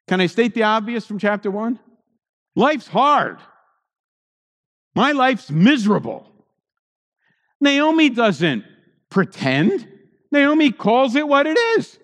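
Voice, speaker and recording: High-voiced, lively male preacher. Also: takes it slowly, long pauses, big-room sound. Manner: conversational, asks the congregation rhetorical questions. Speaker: pastor. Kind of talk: sermon. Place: church.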